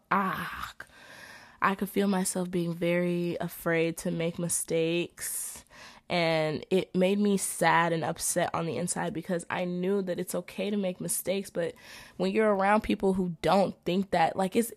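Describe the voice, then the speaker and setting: A young woman, a college student reading through her notes in an animated, profane, exasperated rant. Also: on the low side, unhurried. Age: young adult.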